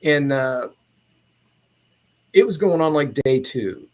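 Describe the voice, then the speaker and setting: A man who is a podcast guest, recounting a personal story in a casual, meandering and animated way. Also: fairly high pitch, slow pace.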